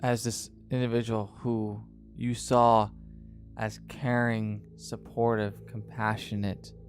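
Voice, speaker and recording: A man narrating a tabletop game as game master, in a dramatic, drawn-out style with pauses. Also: fairly low pitch, level tone, soft background music.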